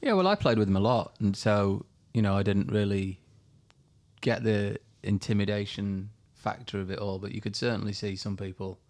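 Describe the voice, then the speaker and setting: A man, a golfer guest telling lively anecdotes on a podcast. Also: fairly low pitch, moderate pace. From England. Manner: animated anecdotes, acts out voices. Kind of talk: storytelling interview.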